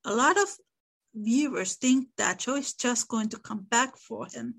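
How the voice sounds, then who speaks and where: A woman's voice: on the high side, unhurried, vocal fry, fairly bright tone. A woman hosting a casual discussion about a classic novel, thoughtful and reading passages aloud. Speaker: podcast host.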